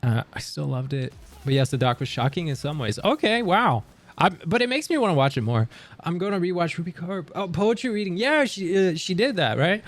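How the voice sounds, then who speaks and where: A young man from Canada talking casually on a livestream, reading and answering chat with animated, joking surprise. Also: high voice, fairly quick. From Canada, near Montreal. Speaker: livestream streamer.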